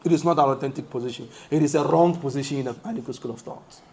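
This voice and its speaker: A West African Islamic teacher leads a study lesson in a mosque, speaking quickly in a husky, medium-pitched voice with a darkish tone. He poses rhetorical questions and answers them himself, explaining step by step while showing hand positions as he talks.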